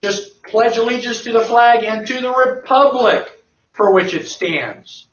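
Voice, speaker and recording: A man's voice: very high voice, unhurried. A man giving an emphatic lecture to an audience, firing rhetorical questions and answering them himself. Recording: echoey, distant, dull lo-fi.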